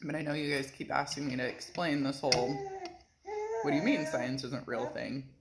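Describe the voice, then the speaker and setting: A woman talks to her viewers in a casual home vlog, chatty and animated, laughing between words. Her voice sits low. Steady background noise and small clicks run under the recording. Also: normal speed. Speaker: vlogger and physical therapist. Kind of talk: casual talking-to-camera vlog. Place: home kitchen, feeding a pet.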